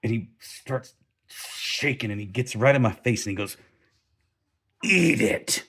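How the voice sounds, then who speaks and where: A middle-aged man telling a story from his army training in a casual vlog, animated, laughing now and then and often restarting his sentences. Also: on the low side, normal speed.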